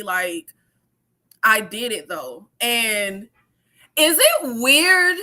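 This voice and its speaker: A woman in her thirties chatting casually on a livestream in an animated way, swearing freely, laughing and using many fillers. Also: fairly high pitch. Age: 30s. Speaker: YouTube creator.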